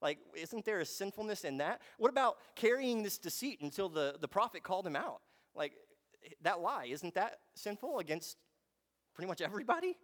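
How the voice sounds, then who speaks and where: A man preaching a sermon, moving between quiet reflection and fervent, emphatic passages. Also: high-pitched, very animated, normal speed. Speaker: pastor.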